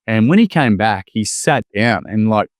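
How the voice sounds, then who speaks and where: An Australian man in casual conversation, telling lively stories and acting out the people he quotes. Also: lowish voice, normal speed, dry recording, studio quality. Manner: animated storyteller, acts out quoted voices. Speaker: podcast guest, former teacher.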